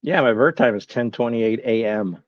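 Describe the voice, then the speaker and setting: A man's voice: medium pitch, normal speed, no echo, muffled recording. A man hosting a casual live stream, musing aloud, reading chat replies and poking fun at his own confusion. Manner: bemused, self-mocking. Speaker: livestream host.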